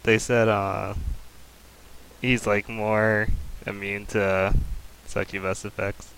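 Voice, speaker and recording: A laid-back man makes brief, dry remarks in a casual manga chat. His voice is low and gravelly with a flat, even delivery, over faint background noise. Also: slow pace, poor audio. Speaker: podcast co-host.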